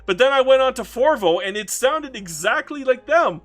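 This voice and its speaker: A man's voice: very high voice, lively intonation, moderate pace, fairly bright tone. A Canadian man with a Canadian accent giving casual, ranting commentary while playing a strategy game, swearing freely and repeating himself. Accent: Canadian English.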